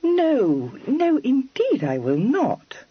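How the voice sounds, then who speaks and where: A man voicing a spirited, earnest young woman who speaks in a high, lilting voice with prim, formal phrasing. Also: wildly swooping pitch, moderate pace, husky, dry recording, dull audio, heavily acted. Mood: coaxing.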